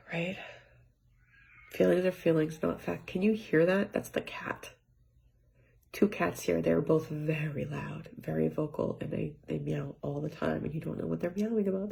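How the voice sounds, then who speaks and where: A woman talking through her feelings in a rambling personal monologue at home, often dropping to a near-whisper, with halting restarts and light laughs. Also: low voice, steady tone, gravelly. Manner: soft-spoken, often trailing into near-whispers. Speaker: vlogger. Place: home with cats.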